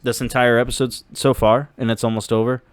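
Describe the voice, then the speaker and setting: A man's voice: medium pitch, flat delivery, fast, smooth. A young man co-hosting a casual podcast chat, rambling and jokey, with lots of "like" fillers. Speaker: podcast co-host.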